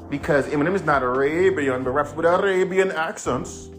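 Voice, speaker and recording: A man's voice: on the high side, moderate pace, hardly any pauses, faint music behind. A man hosting his own podcast, a rapper ranting in a laid-back, rambling, profane way. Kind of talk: casual monologue.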